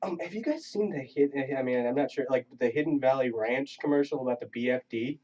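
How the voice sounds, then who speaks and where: A man's voice: mid-range voice, fairly quick, a little mellow. A man hosting a podcast in casual chat, rambling with many restarts. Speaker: podcast host. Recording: dull lo-fi sound, faint hiss.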